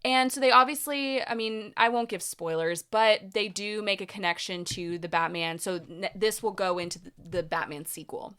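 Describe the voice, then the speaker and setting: A young woman co-hosting a podcast, chatting casually in a rambling, animated way with lots of fillers. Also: medium pitch, moderate pace, few pauses, clear, resonant tone. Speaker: podcast co-host. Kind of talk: casual chat.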